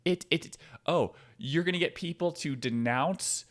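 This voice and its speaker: A man hosting a podcast, ranting with sarcastic, profane commentary that swings from low mutters to loud outbursts. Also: moderate pace. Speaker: podcast host.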